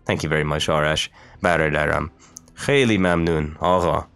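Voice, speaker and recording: A man's voice: extremely low pitch, moderate pace, vocal fry, a bit bright, clean tone. A young man playing a game on stream, joking in crude, playful banter. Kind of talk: let's play commentary. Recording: faint game music behind.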